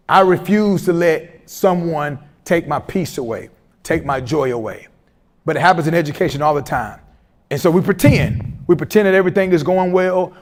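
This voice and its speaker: A middle-aged man giving a motivational, humorous speech to teachers, animated and telling stories with acted-out voices. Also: on the high side. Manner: animated storyteller, humorous asides, acts out quoted voices. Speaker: keynote speaker at educators' institute day.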